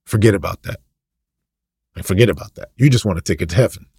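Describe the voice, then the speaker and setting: Passionate low gravelly male preacher. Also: fast, warm tone, dry recording, clean studio sound. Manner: passionate, repetitive, rhetorical questions. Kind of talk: impassioned ranting sermon.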